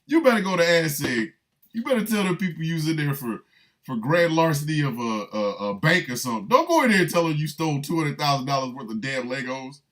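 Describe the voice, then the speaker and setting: An older man hosting a radio show, riffing in an animated, rambling comic monologue full of emphatic repetition. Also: fairly high pitch, fast.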